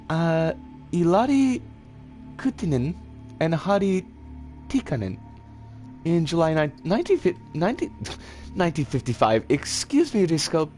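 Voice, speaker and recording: Here a streamer narrates a live game in a mid-range, slightly mellow voice. They keep up a chatty flow, reading chat aloud, often stumbling and restarting, with a bit of mild cursing.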